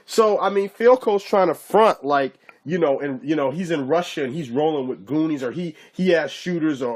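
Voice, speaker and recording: A man's voice: fairly high pitch, normal speed, few pauses, a little mellow. Mocking, profane man ranting on camera. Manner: profane, mocking, keeps asking "you know what I'm saying". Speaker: YouTube commentator. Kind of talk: casual ranting commentary.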